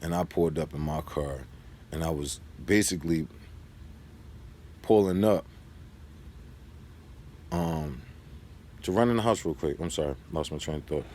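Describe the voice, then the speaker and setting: Deep-voiced man telling a story. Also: measured pace, pauses often, darkish tone, slight background noise. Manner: rambling and street-casual, drifting into advice. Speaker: vlogger. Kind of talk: casual storytelling to camera.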